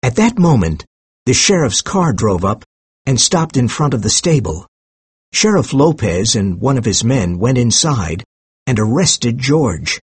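A man narrating a children's mystery audiobook in a measured, expressive read. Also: mid-range voice, slightly rough, dry recording.

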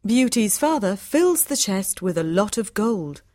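A woman giving scripted storybook narration, clear, measured and even. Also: medium pitch, dry recording, studio quality.

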